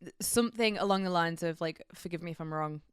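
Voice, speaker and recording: A woman's voice: lowish voice, fast, smooth, dry recording, clean studio sound. A woman co-hosting a podcast in a casual, rambling chat, laughing often. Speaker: podcast co-host.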